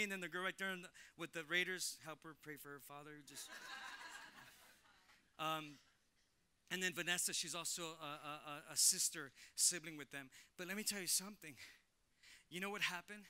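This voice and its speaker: Male pastor, sermon in church, high voice, very bright tone, energetic, repeats words. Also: brisk, a little hiss or hum. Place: church sanctuary.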